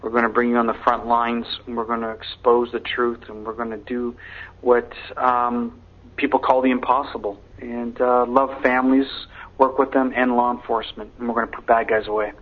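A man's voice: medium pitch, little pitch movement, normal speed, narrow, tinny audio. A man speaking as a radio show guest, earnest and promotional. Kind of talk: casual radio talk.

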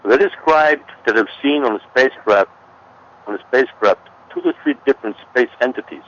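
A man's voice: mid-range voice, very animated, fairly quick, a bit bright. A man who is a guest on an interview show, explaining at length in an emphatic way and repeating warnings. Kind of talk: conversational explanation. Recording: dull lo-fi audio.

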